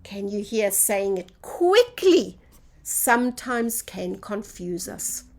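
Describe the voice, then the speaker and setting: A woman's voice: medium pitch, big pitch swings, slow, a little mellow. A woman teaching a phonics lesson to young children, drawing out each sound in a sing-song teacher voice.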